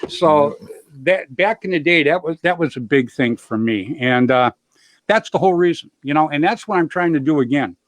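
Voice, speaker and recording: A man's voice: fairly high pitch, animated, normal speed, no room sound. A middle-aged man hosting a show, telling stories in a rambling, upbeat way and dropping "you know" constantly. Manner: upbeat, jokes about himself. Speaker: show host. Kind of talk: casual storytelling chat.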